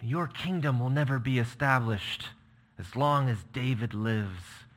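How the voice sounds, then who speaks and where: A man voicing an angry king who scolds his son loudly. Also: medium pitch, measured pace, close to an everyday voice. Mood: furious. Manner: loud, scolding, accusing. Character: furious older king berating his son.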